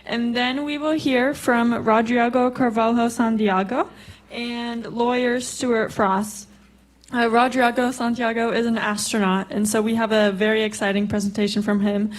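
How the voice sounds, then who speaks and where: Woman moderator, slightly high voice, brisk announcements. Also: little pitch movement, poor audio. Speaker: event moderator. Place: conference hall.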